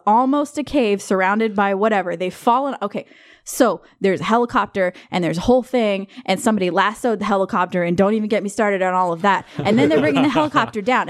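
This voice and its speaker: A woman's voice: medium pitch, dry recording, studio quality. A woman hosting a casual film review chat, blunt and opinionated. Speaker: podcast host, film reviewer.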